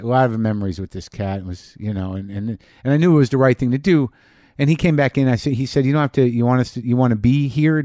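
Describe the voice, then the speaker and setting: A middle-aged man, a podcast host, telling a personal story in a halting monologue full of restarts and fillers. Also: mid-range voice, mellow, no room sound, clean studio sound.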